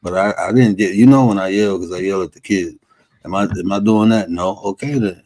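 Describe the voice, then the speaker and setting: Deep-voiced man talking bluntly. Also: steady tone, a little fast, a little mellow, no echo, poor audio. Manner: emphatic, blunt, slangy. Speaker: podcast co-host. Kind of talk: casual podcast chat.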